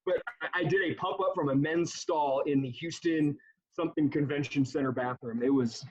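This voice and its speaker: A man who works as a basketball emcee, telling an embarrassing story in an animated, rambling way, often restarting his sentences. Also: on the high side, normal speed, breathy edge. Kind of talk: casual storytelling on a panel. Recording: dull lo-fi sound.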